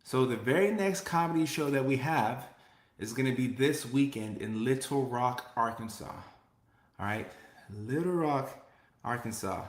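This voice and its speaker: A man's voice: medium pitch, lively intonation, measured pace, roomy sound. A man hosting a casual live stream as a comedian, reading viewer comments aloud in an upbeat way and repeating his phrases.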